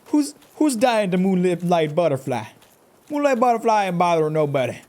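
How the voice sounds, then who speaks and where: This man's voice sits high and swings widely in pitch, moving at a moderate pace with a slightly mellow quality. Streaming live, he jokes and talks back at the game, trash-talking its boss and characters in running commentary.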